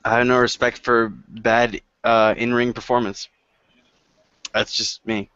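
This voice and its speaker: A man's voice: medium pitch, little pitch movement, measured pace, fairly bright tone, smooth, no room sound. A man as a guest in a casual chat, talking bluntly with frequent swearing. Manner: blunt, profane, emphatic. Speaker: guest co-host. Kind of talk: casual chat about wrestling. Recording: dull lo-fi dry recording.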